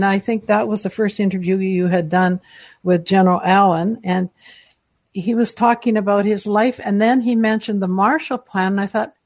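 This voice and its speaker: A woman's voice: medium pitch, no room sound. Chatty older woman guest, rambling stories. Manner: rambling, chatty, self-deprecating with frequent laughs. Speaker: listener guest. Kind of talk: casual interview storytelling.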